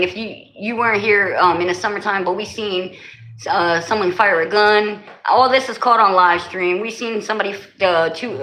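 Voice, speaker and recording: A woman's voice: medium pitch, sharp tone, low-quality recording. A woman with a New Jersey accent chatting casually on a live stream, greeting and answering her viewers.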